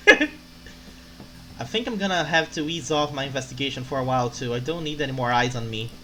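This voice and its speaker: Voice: medium pitch, moderate pace, slight background noise, voice pushed down, close to an everyday voice, low-quality recording. A player voicing a tipsy, brash female journalist from a video game, reading her lines with a put-on drunk slur. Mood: wry. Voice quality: slurred drunk voice. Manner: loud, emphatic, swings to shouting. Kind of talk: reading game dialogue aloud.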